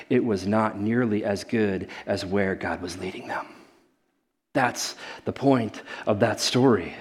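A man preaching a sermon in a conversational, animated way, often calling his listeners guys. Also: fairly low pitch. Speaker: pastor.

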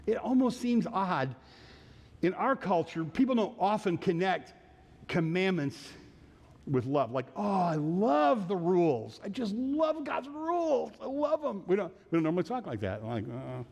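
A pastor with a fairly high, slightly mellow voice preaches a sermon teaching verse by verse through a psalm, recorded in a large hall. He's earnest, often repeating phrases and restarting his sentences.

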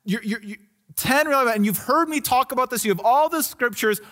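A man doing a gently scolding teacher figure. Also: extremely high pitch, fairly quick, in a large hall, pitched above the performer's own voice. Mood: reproachful.

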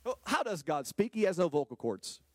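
A male pastor preaches, questioning his congregation directly. His voice sits a little high, and it drops low and quiet, then climbs into loud, stretched-out exclamations. The recording is dry and close, with little room sound. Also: big pitch swings, brisk, dry recording. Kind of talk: sermon. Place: church hall with a congregation.

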